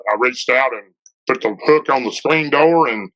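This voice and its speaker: A man's voice: mid-range voice, normal speed, a bit bright. A middle-aged man with a Tennessee Southern accent, casually telling a story with lots of "and, uh" fillers. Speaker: guest telling an encounter story. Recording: dull lo-fi podcast audio.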